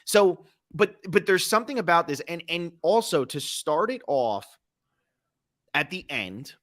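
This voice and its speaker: A young adult man co-hosting a movie podcast, telling stories with animated acted-out quotes. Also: a little high, a little slow. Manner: animated storyteller, acts out quotes. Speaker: podcast co-host. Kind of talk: casual movie chat.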